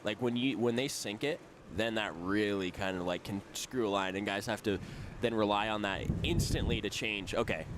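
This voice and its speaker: A man with a low voice commentating a live race in a relaxed, rambling manner. Faint outdoor noise sits behind him. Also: normal speed, few pauses. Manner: relaxed, rambling analysis with fillers.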